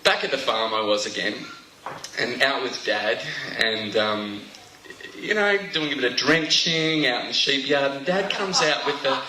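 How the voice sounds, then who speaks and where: A man's voice: mid-range voice, unhurried, a crowd in the background. A man performing a stand-up routine on stage, chatty and self-mocking, tripping over his own words. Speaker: stand-up comedian. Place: comedy stage before a live audience. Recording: roomy live venue sound, faint noise.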